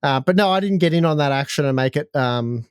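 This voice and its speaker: A man's voice: fairly high pitch, fast talker, smooth, no echo, clean studio sound. An Australian man co-hosting a podcast, telling a story in a chatty, joking way. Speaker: podcast co-host. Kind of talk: casual chat.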